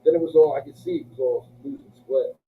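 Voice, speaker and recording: A man, an interview guest, telling a story in a casual, animated, profane way and acting out what people said. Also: quick pace. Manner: animated, profane, acts out quotes in a higher voice. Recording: tinny distant lo-fi recording with faint noise.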